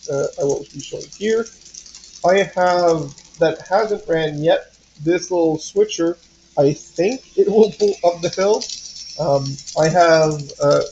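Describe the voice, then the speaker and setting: A man's voice: a little high, darkish tone, dull audio, a little hiss or hum. A man with a French Canadian accent, hosting a casual model train livestream from home, rambling with lots of fillers and restarts. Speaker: livestream host.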